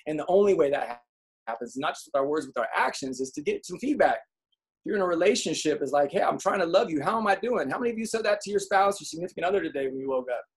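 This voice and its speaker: A man giving a motivational talk to an audience, telling comic stories and acting out quotes in an animated way. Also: a little high, quick pace, husky. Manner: animated storyteller, acts out quotes. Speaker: speaker.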